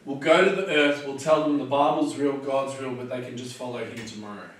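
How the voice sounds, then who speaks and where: An Australian man voicing a scheming male demon from hell in a quiet, sly tone, speaking as a character in a story he is telling. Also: mid-range voice, fairly even intonation, brisk, slight background noise, voice pushed down, natural voice. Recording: echoey room from far off.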